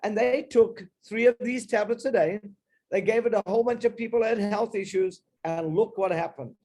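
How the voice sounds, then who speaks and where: Emphatic high-voiced man giving a health talk. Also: moderate pace, darkish tone. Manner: emphatic, persuasive, with frequent restarts. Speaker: health supplement presenter. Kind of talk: live talk to an audience.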